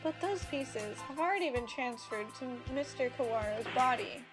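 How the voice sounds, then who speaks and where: Detached male doctor, flat and clinical, read by a woman, game music behind. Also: high-pitched, normal speed. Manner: detached, matter-of-fact.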